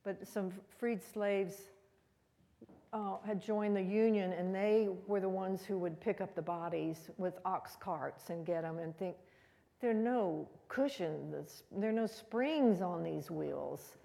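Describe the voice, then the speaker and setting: Gravelly-voiced woman giving a museum talk. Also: mid-range voice, takes it slowly, dark tone, big-room sound. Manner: conversational, rambling with asides. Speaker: guest speaker. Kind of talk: public history talk. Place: museum meeting room.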